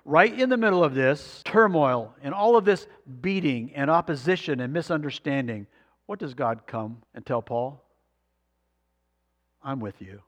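A man's voice: a little high, lively intonation, moderate pace, in a large hall, muffled recording. A man preaching a sermon, reading scripture aloud and asking the congregation rhetorical questions. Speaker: pastor.

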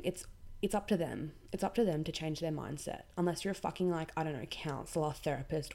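A woman's voice: low voice, mellow. A young Australian woman hosting her own podcast, ranting bluntly and swearing freely about people who play the victim. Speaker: podcast host. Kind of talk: casual ranting monologue.

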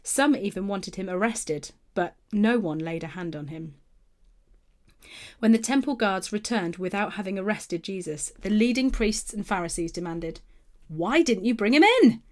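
A woman narrating a Bible passage in a steady, clear storytelling manner, letting phrase ends fall. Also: medium pitch, moderate pace.

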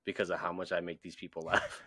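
A young man co-hosting a podcast in a casual chat, animated and laughing often. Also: low voice, quick pace, no room sound, clean studio sound. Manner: animated, laughs often, acts out voices in stories. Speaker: podcast co-host.

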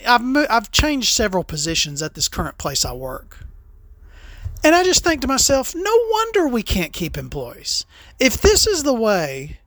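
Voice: medium pitch, a bit bright, dry recording, studio quality. A podcast host in a casual solo chat who rambles, swears freely and tells stories with tongue-in-cheek asides.

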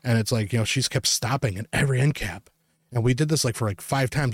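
A man on a podcast rants his way through a story, full of swearing and loose fillers like "like" and "you know." His voice sits at an ordinary pitch for a man. The close mic is dry, with almost no room sound. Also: fast talker, no room sound. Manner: profane, emphatic, rambling with many fillers. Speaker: podcast co-host. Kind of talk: ranting anecdote to co-hosts.

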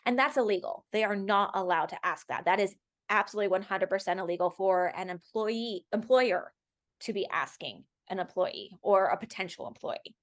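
Woman guest on a podcast, mid-pitch voice, emphatic storyteller, acts out other people's lines. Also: normal speed. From Los Angeles, USA. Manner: emphatic storytelling, acting out quoted remarks. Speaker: podcast guest, actor and activist. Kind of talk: conversational interview.

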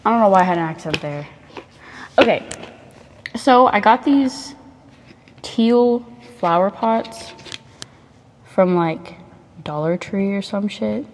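A woman's voice: medium pitch, expressive, takes it slowly, long pauses, a little hiss or hum. A young woman chatting casually in a crafting vlog while painting on her bed, rambling, profane and self-mocking, close to the mic. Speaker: vlogger.

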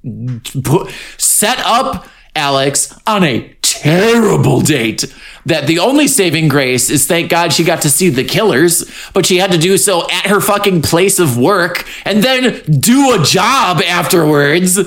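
Swearing, animated man recapping a show. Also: high voice. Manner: profane, animated, mock-angry, doing quick character voices. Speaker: podcast co-host. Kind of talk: casual chat recapping a TV episode.

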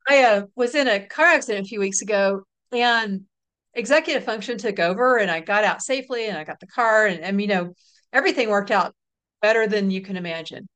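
A middle-aged woman, an author being interviewed, telling stories in a relaxed, laughing way. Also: mid-range voice, brisk. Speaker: author and guest. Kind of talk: casual interview chat.

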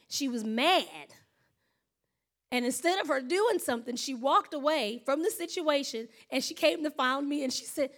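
A high-pitched woman in her thirties, preaching. She tells stories from the pulpit and slips into the voices of the people she quotes, then gets back to her point. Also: expressive, normal speed, fairly bright tone. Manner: storytelling, acts out quoted voices. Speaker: pastor. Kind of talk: sermon.

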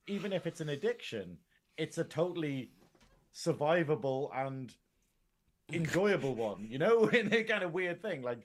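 A man co-hosting a show in casual chat, rambling, swearing freely and laughing often. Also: a little high. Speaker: co-host.

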